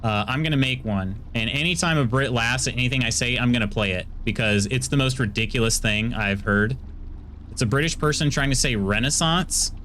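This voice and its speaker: A man's voice: medium pitch, a little fast, pushed and bright, a little hiss or hum. A man with a Midwestern American accent, a streamer chatting casually with viewers while playing a game, laughing often as he reacts to their messages.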